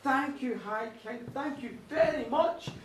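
A man's voice: extremely high pitch, a little slow, fairly bright tone, a little hiss or hum. A man voicing a boastful, sinful medieval monk who stammers through a rambling confession. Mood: grateful. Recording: roomy live recording from a distance.

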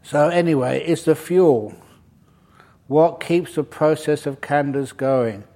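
A man's voice: fairly high pitch, takes it slowly, mellow. A man giving a dharma talk to a retreat group as their meditation teacher, humorous and digressive, breaking off to joke. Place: retreat centre meditation hall.

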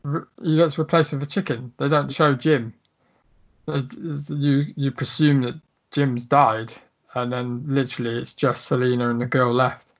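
A man's voice: medium pitch, steady tone, moderate pace, muffled recording. A man co-hosting a casual film chat, blunt, jokey and full of swearing. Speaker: podcast co-host.

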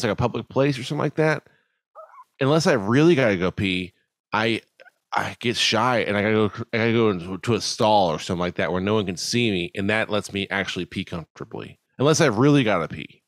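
A man co-hosting a podcast, chatting casually and sometimes halting over his words. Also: medium pitch, no room sound. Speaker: podcast co-host. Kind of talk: casual chat.

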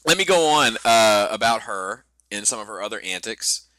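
A man in his thirties tells a story on a podcast with a very bright, sharp voice. His pitch swings widely as he acts out the moments, with swearing and halting restarts. The sound is dry and close. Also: lively intonation, no echo. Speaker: podcast co-host. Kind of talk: casual podcast chat.

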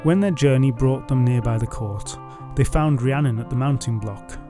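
A man's voice: medium pitch, moderate pace, over music. A young man retelling old myths with wry, jokey asides, as a storytelling podcast host. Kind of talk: comic myth retelling.

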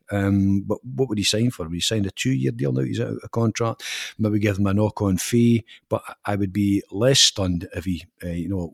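A man's voice: lowish voice, breathy edge, dry recording, clean studio sound. A man on a podcast panel, hesitant and often repeating words. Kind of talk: casual podcast discussion.

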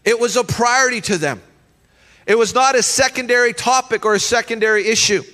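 A man's voice: very high-pitched, fairly quick, sharp tone. A man preaching a sermon as pastor, emphatic and leading the congregation in call-and-response. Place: church hall. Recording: long reverb of a church hall.

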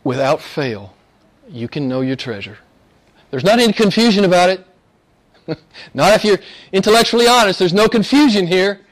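High-voiced preacher with big swings. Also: male voice. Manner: conversational, rhetorical questions, repeats himself for emphasis; swings from quiet and low to loud, high and excited. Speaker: pastor. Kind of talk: sermon.

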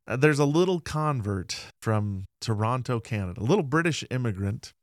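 A man's voice: mid-range voice, expressive, moderate pace, no room sound, studio quality. A man co-hosting a conversational podcast, earnestly retelling history and reading old quotes in his plain voice. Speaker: podcast co-host. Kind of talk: casual conversational history discussion.

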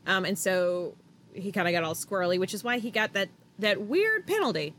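Chatty woman co-host, bright tone, quick to act out quotes, light background noise. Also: mid-range voice, animated. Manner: chatty, swears, acts out drivers' lines. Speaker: podcast co-host. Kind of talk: casual chat about motor racing.

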